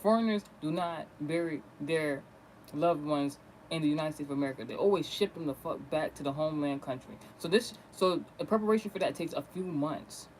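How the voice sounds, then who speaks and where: A man with a notably high voice, telling a gossipy story in a fast, animated rant. He swears freely and keeps a loose, conversational tone, with faint ambient hum behind him. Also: low-quality recording. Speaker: vlogger.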